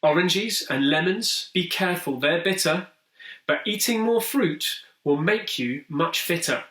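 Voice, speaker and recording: Man doing a calm, coaxing clever boy. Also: fairly high pitch, a little slow. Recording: roomy echo, distant mic.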